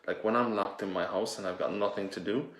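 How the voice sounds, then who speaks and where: A man with a lowish voice and fairly even intonation talks fast, lightly acting as a vain toilet paper fashion figure in a campy, improvised sketch shot indoors at home. He gushes breathlessly about his look, and the echoey room recording is very noisy.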